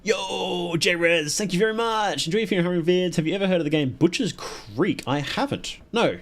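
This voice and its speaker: A man's voice: sits high, normal speed, fairly bright tone. An Australian man streaming a horror game live, chatty and reactive, asking questions aloud as he plays. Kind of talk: live gameplay commentary.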